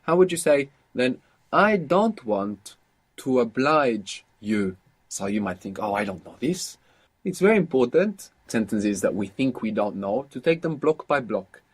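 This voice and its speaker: A man's voice: medium pitch, animated, normal speed, darkish tone, slightly rough. A man teaching a language lesson, patiently prompting his students and explaining words step by step.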